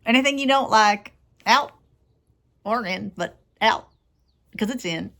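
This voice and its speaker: A woman's voice: on the high side, expressive, unhurried, pushed and bright, pitched above the performer's own voice, exaggerated voice. A woman voicing a folksy Southern man with a Southern US accent who gives humorous wisdom in a motivational monologue, repeating encouraging phrases. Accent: Southern US, Tennessee-like.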